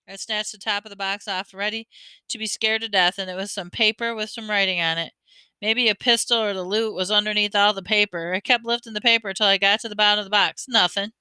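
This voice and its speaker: A woman reads a children's novel aloud in a lively storytelling manner. Her voice is bright and smooth, with a dry, close sound and no room around it. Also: mid-range voice, a little fast, no room sound. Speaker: audiobook reader.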